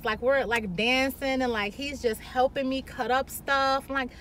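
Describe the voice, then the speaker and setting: Woman, vlogger, high bright voice, brash and profane, candid storytelling. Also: a little fast, few pauses, slight background noise. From Chicago. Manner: blunt, profane, animated.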